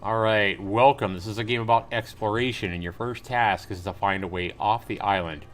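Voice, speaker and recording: A man's voice: fairly low pitch, steady tone, moderate pace. A man live-streaming a game, reading on-screen text aloud and chatting casually with viewers as he plays. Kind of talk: live gameplay commentary.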